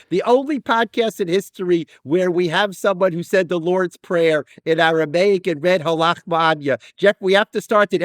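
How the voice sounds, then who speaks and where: A man's voice: high-pitched, fairly bright tone, no echo, studio quality. A man co-hosting a podcast, speaking in an appreciative, casual way. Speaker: podcast co-host.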